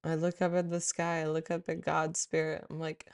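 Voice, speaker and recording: A woman's voice: deep voice, monotone, moderate pace, smooth. A woman giving a reflective spiritual talk to her viewers, meandering and heartfelt, with frequent fillers. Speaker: spiritual content creator.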